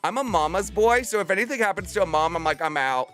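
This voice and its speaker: A man's voice: high-pitched, lively intonation, fast, a bit bright. A man in his thirties chatting casually with viewers on a livestream, bubbly and theatrical. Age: 30s. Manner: bubbly and theatrical, bursts into playful screams.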